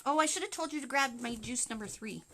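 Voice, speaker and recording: Canadian woman hosting a crafting livestream, bright and chatty, a touch of faint background noise. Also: high voice, fast. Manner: chatty, talks to viewers while working. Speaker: wreath-making livestream host. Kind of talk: casual live crafting tutorial.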